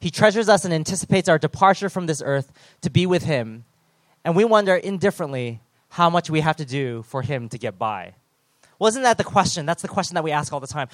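A man's voice: on the high side, brisk, dry recording. A man preaching an earnest, conversational sermon with self-deprecating asides.

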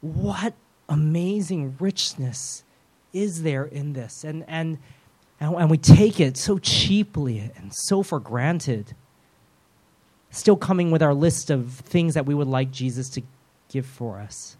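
A male preacher with a somewhat high voice delivers his sermon conversationally. He acts out prayers and quoted lines in shifting voices. He mixes in self-aware, humorous asides. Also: animated, slow pace, darkish tone.

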